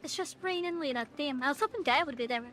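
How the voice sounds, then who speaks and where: A woman's voice: sits high, quick pace, pushed and bright, soft background music. A young woman streaming a game, chatting playfully with her viewers. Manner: chatty, playful, talking to chat. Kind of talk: casual live game stream chat.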